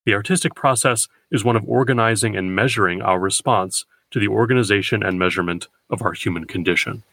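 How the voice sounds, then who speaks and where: A man hosting a poetry podcast, giving a scripted, measured lecture and slowing down to read verse. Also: on the low side, fairly bright tone, no room sound. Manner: measured, deliberate, slows for quoted verse.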